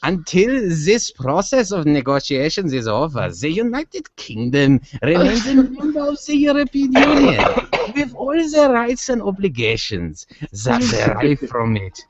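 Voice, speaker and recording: A man's voice: sits high, huge pitch swings, measured pace, hardly any pauses, pitched above the performer's own voice, heavily acted. A man putting on a German accent to voice a stiff male official reading a formal statement in a mock-solemn way. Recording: dull dry sound.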